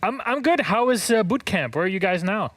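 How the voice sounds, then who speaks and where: A man hosting a live esports broadcast desk with a bright, high voice that swoops up and down a lot. He jokes, teases and keeps things upbeat. The sound is close and dry. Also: lively intonation, a little fast, dry recording. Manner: jokey, teasing, upbeat. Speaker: esports analyst desk host.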